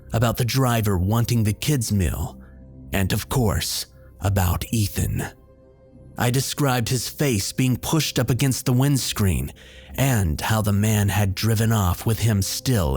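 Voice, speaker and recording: A man telling a first-person horror story in a steady, measured way. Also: on the low side. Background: faint background music.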